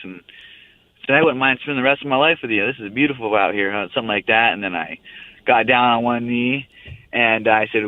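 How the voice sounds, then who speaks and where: In a casual phone interview, a young man who fights calls in and tells a rambling, laid-back story. His voice sits on the low side with no echo, and the line sounds tinny.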